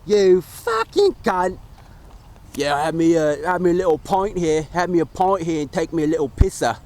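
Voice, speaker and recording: A man's voice: a little high, sing-song, normal speed, a little mellow. A man putting on a rowdy British pub bloke. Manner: crude mock British accent, heavy swearing.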